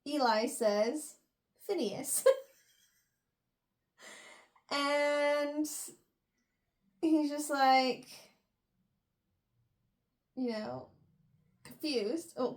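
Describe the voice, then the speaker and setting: A young woman chatting casually as she retells a novel's chapters, filling her talk with "like" and "you know" between laughs and sighs. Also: fairly high pitch. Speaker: book reviewer. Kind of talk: casual chat, retelling a book.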